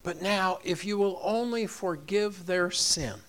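With a high-pitched, unhurried voice, this pastor preaches animatedly and performs the voices of the story's characters.

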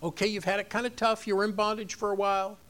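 A man preaching a sermon in an animated way, acting out the voices of the people in the story. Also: high-pitched, fast talker. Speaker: pastor.

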